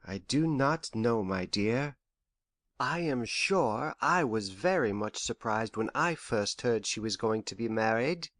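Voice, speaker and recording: An actor playing a gentle, anxious elderly father who frets and complains softly in an audiobook. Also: mid-range voice, animated, slow, no room sound, clean studio sound. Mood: fretful. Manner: worried, lingering, softly complaining. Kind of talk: audiobook character voice.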